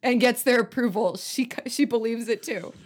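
A woman's voice: fairly high pitch, moderate pace. Easygoing woman co-host. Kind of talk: casual film discussion.

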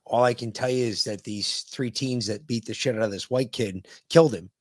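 A man's voice: medium pitch, fairly quick, no echo, studio quality. A middle-aged man co-hosting a podcast, telling stories casually and raising his voice for quoted lines. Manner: animated storyteller, shouts quoted lines. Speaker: podcast co-host. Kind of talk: casual storytelling.

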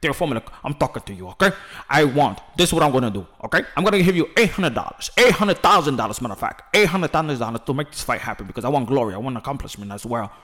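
A man's voice: mid-range voice, animated, fast talker, fairly bright tone, close to an everyday voice. A man putting on a cocky boxer haggling over a fight deal, boastful and tacking "okay" onto nearly every line. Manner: boastful, repeats "okay" constantly.

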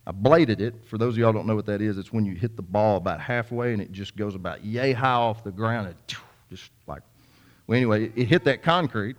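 A man's voice: lowish voice, brisk. Folksy preacher man. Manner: folksy storytelling, addressing the congregation with many repeats and asides. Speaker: pastor. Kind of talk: sermon.

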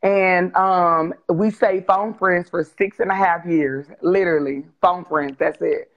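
A woman in her forties, a guest telling her life story on a video call interview, open and animated. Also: lowish voice, unhurried, highs cut off. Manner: animated, open, acts out quoted dialogue with laughs.

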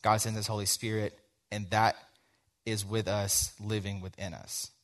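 Young guy preaching, kinda low voice, chatty storytelling with lots of "like". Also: little pitch movement, measured pace, a bit bright. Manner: conversational, tells a story with quoted dialogue, frequent "like". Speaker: teacher giving a sermon. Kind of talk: sermon with personal story.

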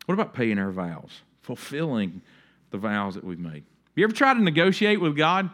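A man's voice: mid-range voice, big pitch swings, moderate pace, a bit bright. A middle-aged man preaching a sermon in a conversational way, acting out the voices of the people he quotes. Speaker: pastor.

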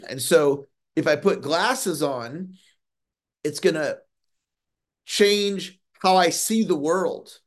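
A middle-aged man coaching on a motivational call, earnest, often slowing down to stress key words and repeating phrases. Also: a little high. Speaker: sales coach.

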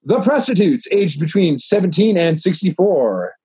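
A tipsy man co-hosting a casual podcast, reading news articles aloud in a slightly husky voice. He rambles, swears freely and keeps restarting his sentences. The sound is dry and close. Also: sits high, lively intonation, normal speed, warm tone, dry recording. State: tipsy from drinking.

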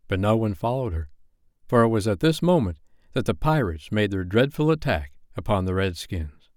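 A man reading a bedtime story aloud as a storyteller, with an expressive, animated delivery. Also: fairly low pitch, normal speed, dry recording, clean studio sound.

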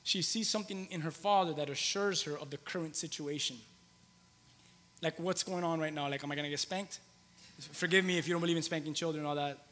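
A man's voice: on the high side, steady tone, a little fast, fairly bright tone, long reverb tail, slight background noise. A man in his thirties preaching a conversational sermon in a church, repeating phrases for emphasis. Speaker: pastor. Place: church hall with long reverb.

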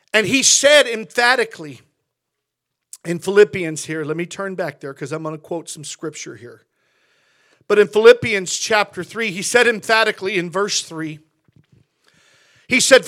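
A middle-aged male pastor preaching a sermon in a conversational, animated way, often repeating words as he goes. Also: high voice. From California, USA.

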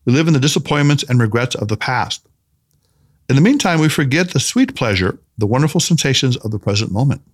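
A man voicing a calm, playful male spiritual teacher in an audiobook, speaking gently, with teasing emphasis. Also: mid-range voice, a little fast, lightly acted. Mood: gently insistent. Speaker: mentor character in an audiobook. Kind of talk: audiobook character reading.

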